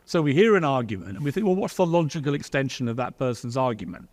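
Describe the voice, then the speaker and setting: Dry, measured man arguing a point. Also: medium pitch, big pitch swings, darkish tone, no echo. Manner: measured, argumentative, logical. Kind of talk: casual discussion.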